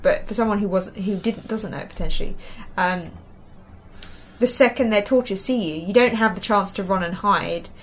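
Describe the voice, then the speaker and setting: A woman's voice: mid-range voice, moderate pace, faint music behind. A woman from England with a light Essex-tinged accent, co-hosting a casual gaming chat, rambling with lots of ums and restarts. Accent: Essex-tinged English. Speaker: podcast co-host.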